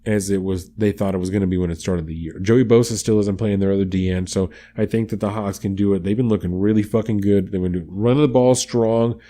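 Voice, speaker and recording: A man with a somewhat low voice talks through his weekly football picks in a relaxed, casual podcast chat. He reads off odds and records and swears freely along the way. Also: a little fast, hardly any pauses. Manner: profane, laid-back, reads off picks and odds. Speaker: podcast co-host.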